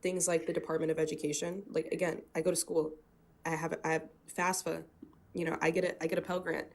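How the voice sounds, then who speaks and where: A woman in her twenties joins a live stream by video call. She speaks with fervent urgency, pushing through her points quickly and restarting sentences as she goes. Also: deep voice, level tone, creaky. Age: 20s. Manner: fervent, rapid, self-interrupting. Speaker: caller. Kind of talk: casual political discussion.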